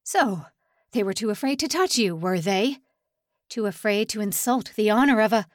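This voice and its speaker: A woman voicing a nasal, raging male prison official in an audiobook, shouting and menacing. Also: mid-range voice, sing-song, slow, no room sound, clean studio sound, far from the mic. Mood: sneering.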